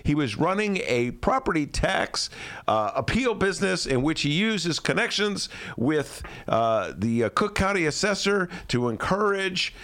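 Podcast co-host from Chicago, a man with a slightly high, gravelly voice, ranting sarcastically. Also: a little slow. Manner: animated and sarcastic, slips into mocking voices. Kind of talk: casual podcast chat, ranting commentary.

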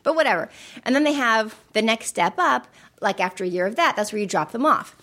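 A middle-aged woman telling stories in casual conversation, animated, often acting out the voices of people in her anecdotes. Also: fairly high pitch, a little fast. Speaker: guest.

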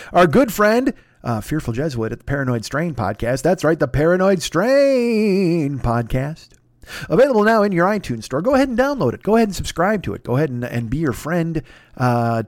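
A man's voice: fairly high pitch, dry recording, studio quality. Profane rambling male podcast host. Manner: profane, rambling and self-mocking. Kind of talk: crude comedic ad read.

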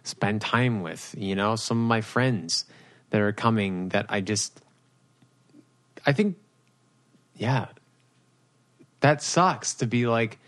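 A man's voice: on the low side, expressive, takes it slowly, long pauses, fairly bright tone. A young man with a Rhode Island accent, co-hosting a podcast in casual chat, rambling with lots of fillers. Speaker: podcast co-host.

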